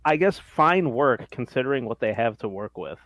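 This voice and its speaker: A man's voice: medium pitch, lively intonation, moderate pace, fairly bright tone, slight background noise. A man co-hosting a podcast in casual chat, analysing wryly with hesitations. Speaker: podcast co-host.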